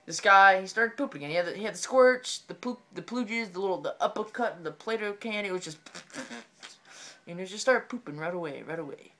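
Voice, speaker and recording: A man telling a comedic story in an excitable, rambling way, often repeating his phrases. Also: high voice, brisk.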